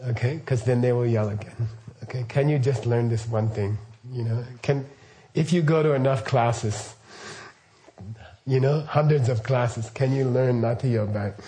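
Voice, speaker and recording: A middle-aged Buddhist teacher with a warm, mid-range voice talks at a moderate pace in a casual, rambling way. He keeps engaging his listeners with questions and throws in "okay" and "right" often.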